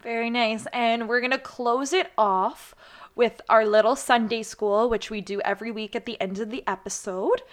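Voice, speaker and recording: A woman's voice: a little high, fairly even intonation. A young woman hosting a podcast, chatting casually and closing out the episode with upbeat sign-offs. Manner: upbeat, reads a poem aloud slowly. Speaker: podcast host.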